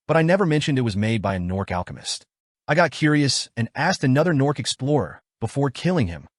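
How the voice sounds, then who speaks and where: A man narrating a story recap in the first person, with a brisk, wry storytelling manner. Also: mid-range voice, big pitch swings, dry recording, clean studio sound.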